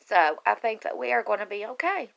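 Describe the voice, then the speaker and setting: Brisk and creaky, with a medium pitch, big pitch swings and a fairly bright tone, a woman pours out her life story to her online group. She talks right to the camera in a casual, heartfelt live video, earnestly and emotionally, with some rambling.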